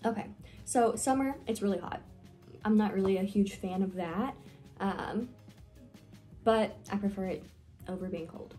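A woman's voice: medium pitch, unhurried, long pauses, warm tone, faint music behind. A young woman talking casually in a get-to-know-me vlog, rambling with lots of fillers and self-deprecating asides. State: nervous, with hiccups. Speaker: vlogger.

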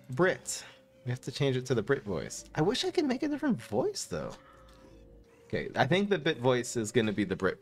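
A man commentating his live-streamed card game, excitable and laughing often as he talks to his chat. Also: deep voice, gravelly.

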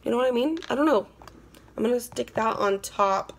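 A woman's voice: on the high side, a little fast, vocal fry, slight background noise. A young woman chatting casually while unboxing beauty products at home, bubbly and gushing, often repeating herself. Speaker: beauty vlogger. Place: indoors at home.

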